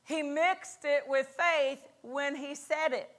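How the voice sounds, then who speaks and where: A woman's voice: high voice, fairly even intonation, takes it slowly, a bit bright. A woman pastor preaching a fervent sermon at a conference, repeating lines and calling out for an amen. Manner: fervent, repetitive, call-and-response. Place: church conference hall.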